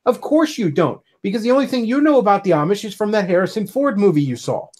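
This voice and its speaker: A man's voice: sits high, animated, fast, a little mellow. An American man hosting a livestream, ranting heatedly with constant swearing and sarcasm. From United States. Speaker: livestream host. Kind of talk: ranting casual monologue.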